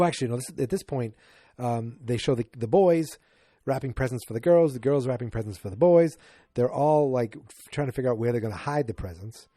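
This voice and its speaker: A man hosting a podcast, recapping an old sitcom episode in a rambling, excitable way. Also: mid-range voice, no room sound, studio quality. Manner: rambling, excitable, frequent restarts. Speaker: podcast host.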